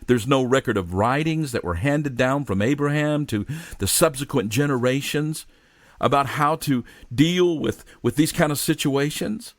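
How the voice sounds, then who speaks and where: A man preaching a sermon as a pastor. He reads scripture slowly and earnestly, and his voice drops softly at the ends of phrases. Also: medium pitch, no room sound, clean studio sound. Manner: earnest, slows down for scripture readings.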